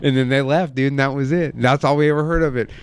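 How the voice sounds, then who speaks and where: A man's voice: mid-range voice, fast talker, clear, resonant tone, dry recording. A man in his thirties telling a wild, profane story in casual chat as a podcast host. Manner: profane, animated anecdote telling.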